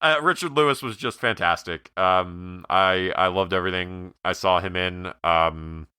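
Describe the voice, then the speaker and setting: A man with a deep yet bright, edgy voice co-hosts a casual podcast chat. He tells stories with animated energy and acts out the quoted lines. His voice sounds dry and close to the mic. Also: a little slow, clean tone, no echo. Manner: animated storyteller, acts out quoted scenes at a much higher pitch. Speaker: podcast co-host.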